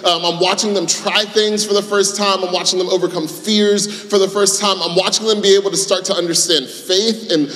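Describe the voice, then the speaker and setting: Animated man preaching in an echoey hall. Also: sits high, brisk, hardly any pauses. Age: 30s. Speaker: pastor. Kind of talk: sermon. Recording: echoey hall with long reverb.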